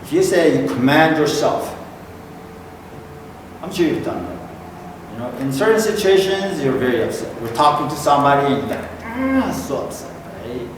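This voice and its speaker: A middle-aged man with a Korean accent, preaching a sermon as pastor, repeating key points and checking in with "okay?". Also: medium pitch. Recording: echoey hall from far off, noisy room.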